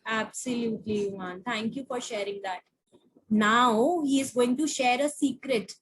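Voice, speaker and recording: High-voiced teacher. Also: female voice, a little hiss or hum, rough recording. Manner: slow, animated, coaxing questions to young children. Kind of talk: reading a picture book to children. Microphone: video call.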